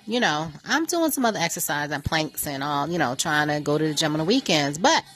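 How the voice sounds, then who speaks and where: A woman hosting her own radio show, talking casually and joking through a playful, animated story. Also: low voice. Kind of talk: casual chatty monologue. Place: New York.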